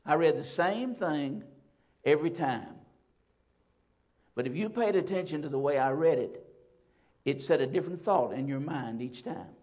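A man's voice: fairly high pitch, darkish tone. Emphatic preacher man, lo-fi sound. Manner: emphatic, repetitive preaching with slow stresses. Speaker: pastor. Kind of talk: sermon. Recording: dull lo-fi sound.

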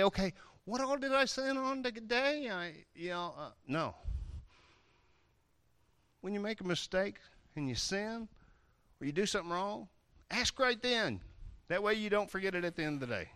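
High, bright-voiced playful preacher man. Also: no echo, studio quality. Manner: lively, playful, swings from loud outbursts to quiet asides. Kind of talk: animated sermon.

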